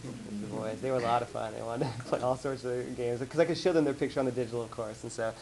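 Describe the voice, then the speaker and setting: A man giving a casual slideshow talk to colleagues, rambling and animated as he tells stories. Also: mid-range voice, quick pace, noisy background. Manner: rambling, animated storytelling with acted-out quotes. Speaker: presenter. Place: office meeting room.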